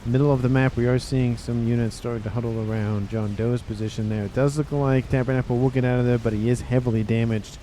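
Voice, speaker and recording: A man casting a strategy game match, giving steady, measured play-by-play with wry asides. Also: mid-range voice, slight background noise. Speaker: game caster.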